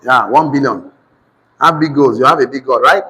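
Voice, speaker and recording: A man with a Nigerian accent teaching a finance class, repeating each phrase slowly so students can write it down. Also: mid-range voice, bright, forceful tone, slightly rough, big-room sound, low-quality recording. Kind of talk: classroom lecture with dictation.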